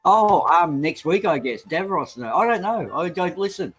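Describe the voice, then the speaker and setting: A man's voice: high voice, lively intonation, normal speed, a bit bright, faint music behind. A man chatting casually as a regular player on a live poker stream, offhand and jokey. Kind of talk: casual chat and joke telling.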